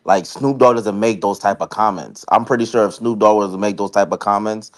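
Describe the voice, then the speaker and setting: A man's voice: fairly low pitch, brisk. A man calling into a hip hop talk show, blunt and argumentative. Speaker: caller.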